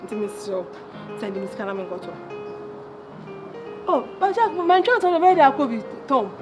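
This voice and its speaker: A woman's voice: sits high, sing-song, normal speed, over music. An actress with a Ghanaian accent playing a flashy young woman who laughs, teases and mixes Twi with English slang as she brags about luxury things. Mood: playful. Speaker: actress in a Kumawood film. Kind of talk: dramatic film dialogue.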